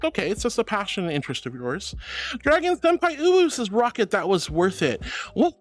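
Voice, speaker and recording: A man's voice: sits high, huge pitch swings, fairly quick. A man streaming as a VTuber, reading chat messages aloud and answering viewers affectionately, calling them sweetie and honey. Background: faint background music.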